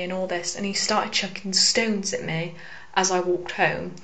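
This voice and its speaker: A young woman telling a personal story to camera, hesitant with frequent fillers and soft asides. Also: fairly low pitch, steady tone, a little slow, slight background noise. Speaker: vlogger.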